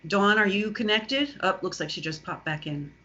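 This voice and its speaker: A woman's voice: medium pitch, animated, normal speed, bright, forceful tone. A woman chairing a remote public board meeting, polite and procedural with frequent ums. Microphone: video call. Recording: lo-fi video call audio.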